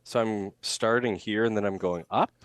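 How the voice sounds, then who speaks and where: A man talking as a communication coach in a podcast interview, lively and demonstrative, acting out speech examples as he explains. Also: on the low side, normal speed, clean tone, no echo. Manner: animated, acts out rising intonation examples.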